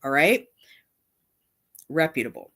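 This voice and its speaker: A woman's voice: low voice, very animated, slow, fairly bright tone, breathy edge. A middle-aged woman hosting a casual livestream, talking in a rambling way with many restarts and asides. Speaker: channel host.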